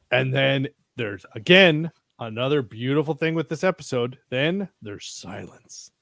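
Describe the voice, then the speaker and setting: A man co-hosting a casual podcast, recapping a TV episode in an excitable, profane way and acting out the characters' reactions. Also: medium pitch, a little slow, creaky, few pauses, no echo, clean studio sound. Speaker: podcast co-host. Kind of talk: casual chat reviewing a TV episode.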